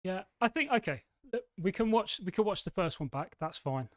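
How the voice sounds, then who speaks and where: A man from England co-hosting a podcast, telling stories in a rambling, animated way. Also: sits high, a little fast, dry recording. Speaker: podcast co-host. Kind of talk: casual chat. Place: studio.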